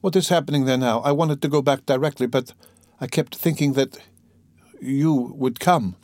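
A man doing a distressed young woman, higher-pitched. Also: normal speed, dry recording, lightly acted. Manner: soft, pleading, anxious.

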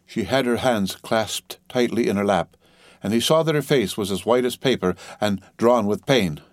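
A man narrating a novel as a steady, dramatic audiobook reading, lightly voicing the dialogue. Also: on the low side, moderate pace, dry recording, studio quality.

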